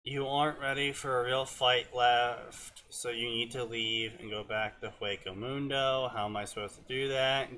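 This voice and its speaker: A young man reading fanfiction aloud in a flat, casual way, stumbling over names and breaking off to mock the text. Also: medium pitch, moderate pace, few pauses. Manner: reads flatly, slips and stumbles on names. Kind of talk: casual reading with mocking commentary.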